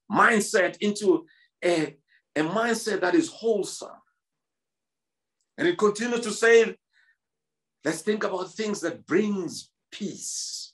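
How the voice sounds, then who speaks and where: A man's voice: high voice, a bit bright. A South African man in his fifties, a pastor preaching a sermon in church, emphatic and repetitive, restarting his words often.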